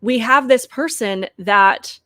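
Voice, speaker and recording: A woman's voice: fairly high pitch, slow, bright, forceful tone, no room sound, clean studio sound. A woman hosting a political commentary show, talking straight to viewers in an emphatic, critical way. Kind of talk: opinionated commentary to camera.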